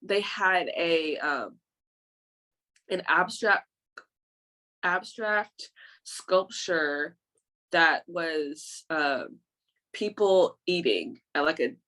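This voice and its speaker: Rambling low-voiced woman chatting. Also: very slow, pauses often, a bit bright. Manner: rambling, searching for words, with frequent "um" and "like". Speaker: podcast co-host. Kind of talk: casual chat.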